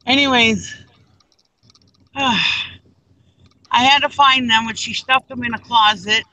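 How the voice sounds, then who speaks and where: A woman's voice: on the high side, steady tone, slow, pushed and bright, poor audio. A middle-aged woman on a group video call, telling a rambling story in casual chat and acting out the people in it. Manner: rambling, acts out quoted exchanges.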